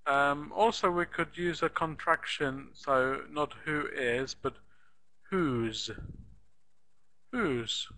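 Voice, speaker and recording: Slow, patient male English teacher. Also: fairly high pitch, fairly even intonation, pushed and bright, rough recording. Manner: slow, patient explaining with repeated model phrases. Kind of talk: live online class teaching.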